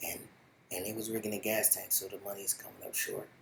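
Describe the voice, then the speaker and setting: A man's voice: on the low side, brisk, vocal fry, a little hiss or hum, low-quality recording. Slangy, rambling male show reviewer. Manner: animated, slangy, rambling storytelling. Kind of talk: casual spoken review.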